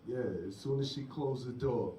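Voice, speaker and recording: A man's voice: mid-range voice, normal speed, dark tone, slight background noise. A man doing a crude stand-up comedy set, telling raunchy stories. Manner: crude, boastful storytelling. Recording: echoey club heard from far.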